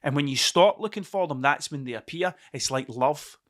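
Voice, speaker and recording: A man's voice: a little high, normal speed, fairly bright tone. A Scottish man hosting his own podcast, rambling and swearing freely as he drifts from one point to the next. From Scotland. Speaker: podcast host. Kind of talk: casual solo podcast monologue.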